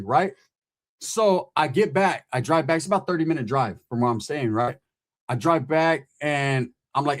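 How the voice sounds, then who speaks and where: A man telling a comedic story in a profane, slangy, animated way. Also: on the high side, moderate pace.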